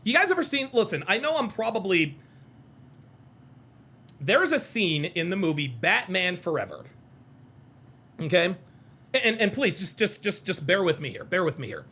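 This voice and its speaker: A man hosting a reaction video, talking in an animated, mocking and profane way and repeating himself for emphasis. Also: high voice, moderate pace, pauses often, husky. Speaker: host reacting to clips. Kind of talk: reaction commentary.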